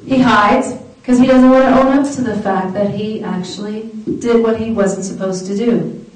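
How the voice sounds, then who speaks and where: A woman giving an animated talk to an audience, asking them questions along the way. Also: fairly high pitch, moderate pace, distant mic. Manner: animated, engaging, asks the audience. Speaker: speaker. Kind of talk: lecture to an audience. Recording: echoey hall from afar.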